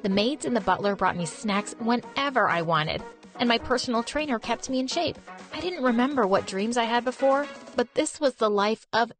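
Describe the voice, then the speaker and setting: A young woman from Turkey narrating an animated personal story in a lively, expressive, conversational way. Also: a little high, moderate pace, soft background music.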